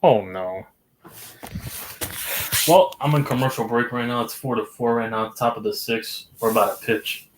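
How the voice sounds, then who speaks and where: A man in a casual sports chat, reacting with excitement as he watches baseball. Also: mid-range voice, normal speed, long pauses, reverberant, noisy background.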